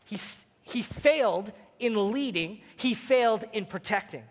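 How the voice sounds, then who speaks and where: A man preaching a sermon as pastor, animated and playful, speaking to a congregation. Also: sits high, measured pace, in a large hall. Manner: animated, preacherly, acts out voices. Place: church sanctuary.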